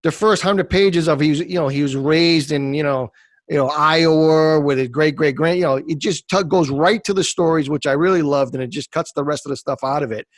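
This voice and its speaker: A man hosting an interview, chatty, with lots of fillers and quick reactions. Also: fairly high pitch, no room sound, studio quality. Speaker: podcast host, interviewer. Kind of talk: casual interview.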